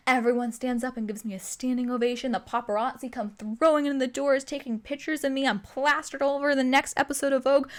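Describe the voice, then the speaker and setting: A young woman hosting a self-improvement show, giving animated motivational advice and acting out her own inner voice. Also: fairly high pitch, brisk, hardly any pauses. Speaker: self-improvement podcast host.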